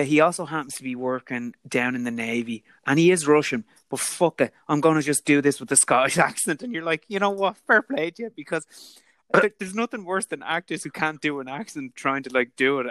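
A man's voice: mid-range voice, brisk, no echo. Chatty man on a dry call. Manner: animated, chatty, Irish turns of phrase. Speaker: podcast co-host. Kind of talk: casual film chat. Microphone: remote call mic.

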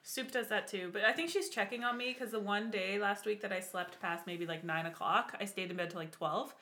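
A woman's voice: medium pitch, steady tone, brisk, bright, forceful tone. A woman chatting casually with friends in a laid-back, offhand way. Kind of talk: casual chat.

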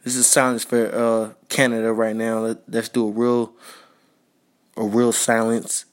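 A man's voice: fairly low pitch, little pitch movement, unhurried. A man hosting a podcast, giving a casual spoken tribute in a slangy, repetitive way and talking straight to his listeners. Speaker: podcast host.

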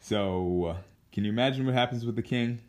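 A man's voice: mid-range voice, a little fast, a little mellow. A young man casually telling a story, rambling with restarts and chuckling at his own asides. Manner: rambling, many fillers and restarts, laughs at his own jokes.

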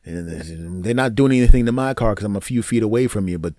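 A man hosting his own podcast, telling a comic story in an animated, jokey monologue. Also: fairly quick, dry recording, studio quality. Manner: animated, jokey, wide swings in pitch. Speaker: podcast host.

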